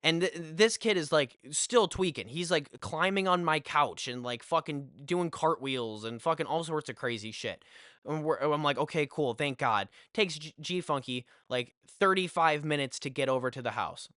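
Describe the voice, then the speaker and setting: A young man hosting a podcast, telling a storytime monologue in an animated, profane way with lots of fillers. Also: on the high side, normal speed, no room sound, studio quality. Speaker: podcast host.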